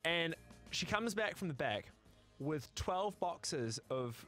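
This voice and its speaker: A man hosting a casual podcast, telling embarrassing stories in a wry, self-deprecating way. His voice sits a little higher than most men's. Faint music plays under the talk. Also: sing-song, slow, sharp tone. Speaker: podcast host.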